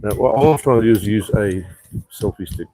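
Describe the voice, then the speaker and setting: Swearing, rambling man, low voice. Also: brisk, mellow. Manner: rambling, swears freely, reads viewer comments aloud. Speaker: live streamer. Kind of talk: casual live stream chat. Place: outdoor rooftop bar on an island.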